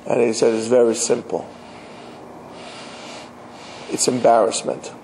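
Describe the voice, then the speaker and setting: Gravelly, mellow-voiced rabbi lecturing. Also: male voice, medium pitch, monotone, a little slow, slight background noise, poor audio. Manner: emphatic, speaks straight to the listener with rhetorical questions. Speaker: rabbi teaching. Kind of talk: religious lecture.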